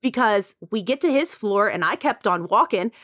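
A woman co-hosting a podcast, telling a story in casual chat with lots of "like", sighs and lively asides. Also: mid-range voice, normal speed, no echo, clean studio sound. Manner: animated, full of "like" and sighs, acts out quotes.

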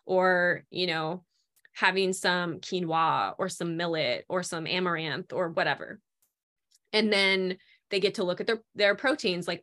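A woman in a relaxed conversation, explaining her ideas with animated energy. She often slips into quick little voices for what people think to themselves. Her voice has a bright, forward tone. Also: on the low side. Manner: animated, acts out inner voices. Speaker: guest on food and cravings. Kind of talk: casual conversation.

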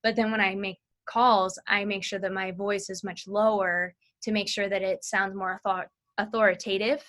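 A woman with a bright, crisp voice explains sales technique as an interview guest. She is chatty and explanatory and tosses in quick asides. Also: medium pitch, level tone. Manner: chatty, demonstrates phone tonality with quick asides. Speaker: sales training consultant.

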